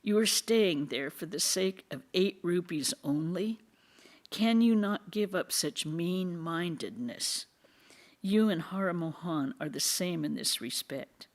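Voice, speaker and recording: A reader voicing a spirited elder monk who teases and commands his brother monks, with lively, emphatic scolding. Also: medium pitch, measured pace, lightly acted.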